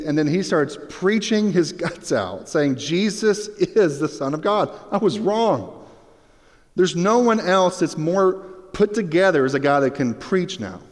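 A man preaching a sermon as pastor, telling the scene with lively, acted-out storytelling. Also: a little high. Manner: animated storytelling, acts out Bible scenes. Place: church sanctuary. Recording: long reverb of a hall.

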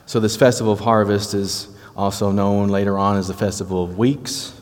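A man's voice: lowish voice, level tone, moderate pace, in a large hall. A man with a Southern US accent preaching a Bible teaching in a conversational, explanatory way. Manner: conversational, explanatory, frequent restarts. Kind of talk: sermon-style Bible teaching.

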